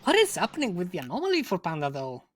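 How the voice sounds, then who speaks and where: A woman co-casting a live esports tournament, adding relaxed, giggly analysis of plays and strategy. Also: on the low side, very fast, slight background noise. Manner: laid-back, giggly, analytical asides. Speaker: co-caster. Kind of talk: live esports color commentary.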